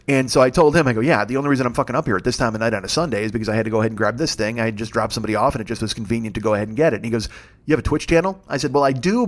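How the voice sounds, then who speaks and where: Male podcast host, 50s, solo comic storyteller; fast, profane, rambling, does quick voices for the people he quotes. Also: medium pitch.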